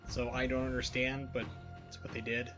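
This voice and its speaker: A man's voice: mid-range voice, completely flat delivery, normal speed, music in the background. A man casually commenting on his gameplay while streaming, rambling and wry as he chats to his viewers. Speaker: game streamer.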